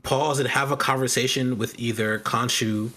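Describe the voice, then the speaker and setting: A man's voice: mid-range voice, fairly even intonation, moderate pace, bright, forceful tone. A man co-hosting a casual chat show, voicing frank complaints and often repeating words. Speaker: podcast co-host.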